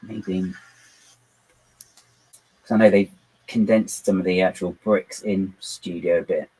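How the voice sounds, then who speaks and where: On a casual home livestream, a man rambles and pokes fun at himself while building models on his computer, chatting to himself and his dog. His voice is low and mellow with a breathy edge, the intonation fairly even and the pace slow. The audio quality is poor.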